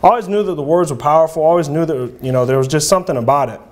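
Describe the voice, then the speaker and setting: A man preaching an earnest, halting sermon in a church, with frequent fillers and restarts. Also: a little high. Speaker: lay preacher.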